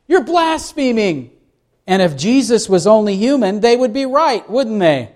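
Male pastor, preaching, slightly high voice, lively, asks the congregation questions. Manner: animated preaching, rhetorical questions, acts out quotes. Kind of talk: sermon.

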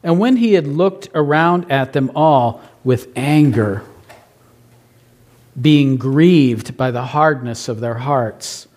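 A man's voice: medium pitch, takes it slowly, darkish tone. A man preaching a sermon to a congregation, often posing rhetorical questions and adding playful asides. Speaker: pastor.

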